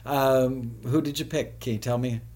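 A man hosting a live web show, chatting casually with viewers, often laughing and spelling things out slowly. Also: mid-range voice, fairly even intonation, darkish tone.

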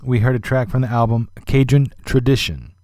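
A man's voice: mid-range voice, steady tone, moderate pace, darkish tone, no echo, clean studio sound. A man hosting a music podcast, talking in a chatty, rambling way with lots of fillers and asides. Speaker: podcast host. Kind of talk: casual radio-style music commentary.

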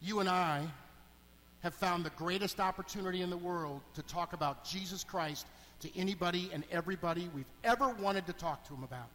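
A middle-aged man, a deacon, preaching a sermon in a church, animated and swinging between hushed asides and emphatic calls. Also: high-pitched, brisk. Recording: long hall reverb.

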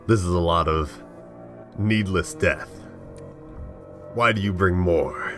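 A man takes part in a tabletop role-playing game, wry and measured. His voice sits low. Faint music is heard behind him. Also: a bit bright. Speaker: player.

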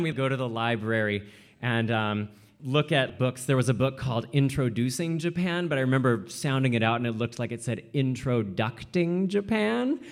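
Man from Washington, animated personal storyteller; chatty, peppered with "like", keeps breaking into voices. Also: medium pitch, normal speed. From Washington state, USA. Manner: animated, jumps into quoted voices, many "like" fillers.

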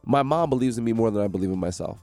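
A man from New Jersey, a guest in a radio studio, telling his story with animated energy and acting out the voices of the people in it. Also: fairly low pitch, racing, soft background music. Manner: animated, acts out quoted voices.

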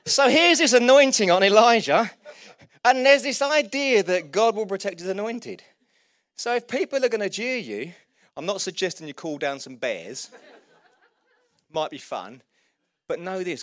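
Man, preacher, storytelling sermon, acts out quotes, slightly high voice, dry recording. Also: normal speed, no echo. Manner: lively storytelling, voices quotes, laughs at own jokes. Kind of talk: sermon retelling Bible stories.

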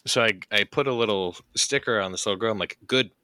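Podcast co-host, man, very deep but bright voice, jokey, dry close sound. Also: no room sound. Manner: jokey, laughs often, quick asides. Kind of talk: casual chat.

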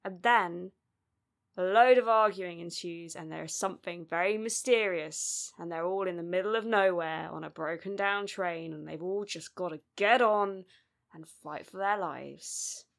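A woman's voice: lowish voice, measured pace, vocal fry. A young woman chatting casually about films as a podcast co-host, wry and freely swearing. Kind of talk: casual film chat.

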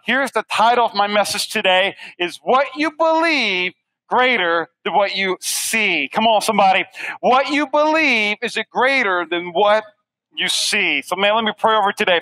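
High-voiced animated male pastor. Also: normal speed, no echo, rough recording. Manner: animated, conversational, acts out voices with sudden shouts. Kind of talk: energetic sermon. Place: church studio with audience.

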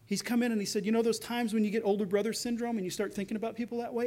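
A man preaching a sermon, earnest, acting out quoted voices and dropping soft for tender lines. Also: sits high, flat delivery, very fast, hardly any pauses. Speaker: pastor.

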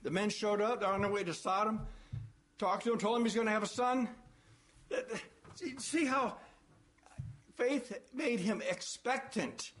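High-voiced man preaching a sermon. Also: measured pace, long pauses, a bit bright, slight background noise. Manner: emphatic, repeats phrases, asks rhetorical questions.

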